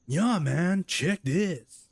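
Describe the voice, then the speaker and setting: A man voicing an excitable young male football player in a loud, high jock voice. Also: a little slow, no room sound, lightly acted. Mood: excited.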